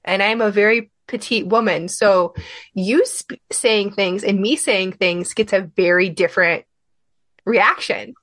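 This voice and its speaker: A woman hosts a casual podcast chat at a middle pitch, blunt and unfiltered. Her stories come out plain and cheeky. The sound is close and dry, with no room around it. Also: a little slow, fairly bright tone, no room sound. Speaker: podcast host. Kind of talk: casual conversation.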